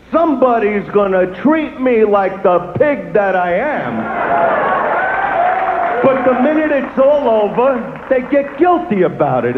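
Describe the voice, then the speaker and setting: A man doing a crude, swaggering stand-up comedy routine. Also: sits high. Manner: brash, crude, swaggering delivery. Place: live comedy venue. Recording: lo-fi phone-like live recording with loud noise and echo.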